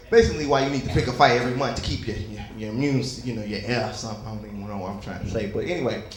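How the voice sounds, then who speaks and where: A man's voice: medium pitch, fast talker, pauses often. A young man doing a stand-up comedy set, loose and conversational, chatting with the crowd between stories. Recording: echoey comedy club.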